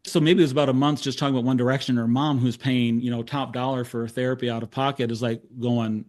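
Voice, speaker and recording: A medium-pitched male voice moves at a quick pace as a middle-aged therapist presents a case study in a talk. Lively in his storytelling, he acts out the quoted conversation and makes himself the butt of the jokes.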